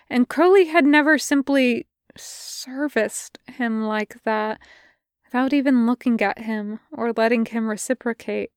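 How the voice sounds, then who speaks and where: Smooth-voiced woman reading a podfic. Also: fairly high pitch, no echo, clean studio sound. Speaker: podfic reader. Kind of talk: fan fiction audiobook narration.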